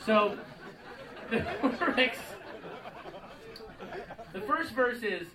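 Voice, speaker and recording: A man's voice: extremely high pitch, very animated, measured pace, long pauses, pushed and bright, a faint crowd, a little hiss or hum. A man doing a stand-up comedy routine, profane and mocking, acting out song lyrics and characters on stage. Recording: live room echo, distant mic, audience laughing. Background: audience laughter.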